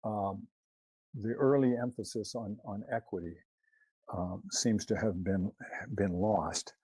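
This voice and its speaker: A man's voice: on the low side, steady tone, takes it slowly, warm tone, husky, dry recording. A man presenting a talk over his slides, hesitant with many fillers and restarts, questioning and critical of what he quotes.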